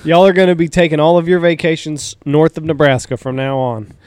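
A man's voice: on the high side, steady tone, a little fast, darkish tone, clear, resonant tone, dry recording, clean studio sound. A man co-hosting a hunting podcast, dropping wry asides and short questions into casual chat. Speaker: podcast co-host.

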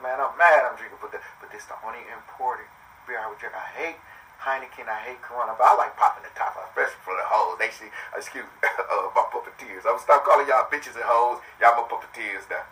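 A man's voice: mid-range voice, sharp tone, recorded from a distance, poor audio. A man hosting his own podcast, talking live in a loose, profane, joking way that drifts from topic to topic. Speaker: podcast host. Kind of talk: rambling live monologue.

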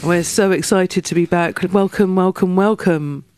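A woman hosting a radio show from a studio, chatting in a playful, excitable way with her co-hosts. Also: fairly low pitch, measured pace, clear, resonant tone. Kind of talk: casual radio chat.

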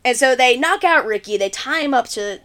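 High-voiced and animated, this woman co-hosts a podcast and briskly runs through a film's plot in easygoing chat, playing out the characters' lines. Her tone is fairly bright.

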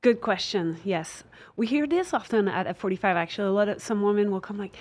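A woman's voice: medium pitch, a little fast, a little mellow. A woman who is a dancer, answering interview questions earnestly, with many restarts and filler words. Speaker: dancer and fitness guest. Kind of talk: casual interview.

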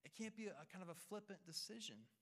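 A man's voice: high voice, expressive, fast talker, fairly bright tone. A male pastor preaching a sermon, reading scripture and speaking earnestly to the congregation, often repeating and restarting words.

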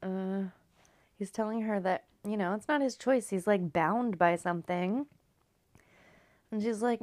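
A woman's voice: medium pitch, measured pace, pauses often, a little mellow, dry recording. A woman from California chatting loosely through a story recap, rambling and swearing, often sinking into a near-whisper. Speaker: video host recapping a story. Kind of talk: casual recap chat.

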